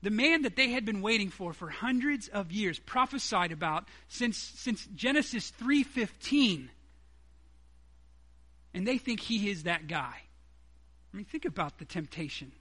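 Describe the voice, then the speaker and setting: A man's voice: sits high, lively intonation, unhurried, sharp tone. A man preaching a sermon, emphatic, acting out quoted dialogue from the story.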